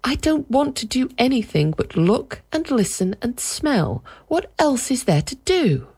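A spoiled, cold young boy whines in a high voice, as a woman reader puts him on. The pitch jumps around a lot, and a gravelly edge creeps in. He sounds defiant and sulky in a storybook reading. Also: sing-song, measured pace, darkish tone, heavily acted.

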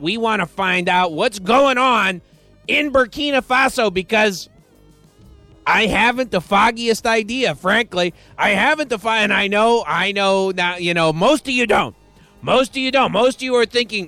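Man, radio DJ, rambling jokey patter, high-pitched, bright, faint music under him. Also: vocal fry, dry recording. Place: radio studio.

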